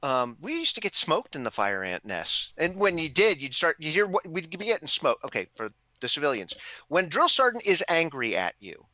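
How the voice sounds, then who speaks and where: Male guest, veteran, animated raconteur, lively pitch, slightly high. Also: moderate pace, no room sound. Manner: animated, wry storyteller. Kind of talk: casual storytelling chat.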